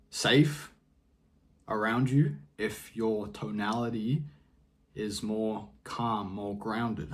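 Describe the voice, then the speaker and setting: A young man with a lowish voice giving casual advice straight to camera. He talks in a laid-back, slangy way, drifts between points, trails off and restarts. His delivery stays easygoing throughout. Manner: laid-back, slangy, peppers talk with dude and bro; rambling, often trails off and restarts. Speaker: vlogger.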